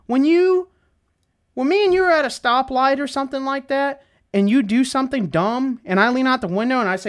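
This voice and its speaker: A man's voice: very high-pitched, animated, moderate pace, fairly bright tone. A young man giving a heated, profane, rambling monologue, full of fillers and restarts. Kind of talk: casual ranting monologue.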